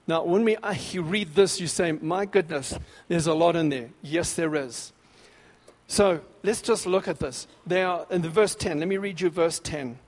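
A man preaching a sermon with fervent, emphatic bursts, then dropping into quieter scripture reading. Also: on the high side, normal speed. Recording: long reverb of a large hall.

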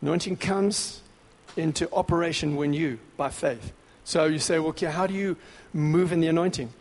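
A man with a notably high voice preaches with punchy, repetitive exhortation. His phrases stack up and swell toward excitement. The sound rings with the long reverb of a big hall. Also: moderate pace. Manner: grows louder and more excited. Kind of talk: sermon.

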